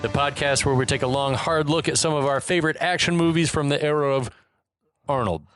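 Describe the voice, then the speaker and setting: A man's voice: on the high side, brisk, a bit bright, no room sound, faint music behind. Joking, slightly tipsy podcast host man. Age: 30s to 40s. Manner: joking, self-mocking banter. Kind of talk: casual chat.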